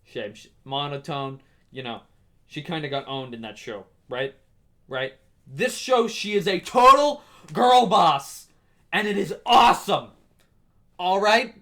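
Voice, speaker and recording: A young man in his twenties hosting a casual solo podcast, gushing excitably and swearing as he talks. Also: a little high, a little slow. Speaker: podcast host.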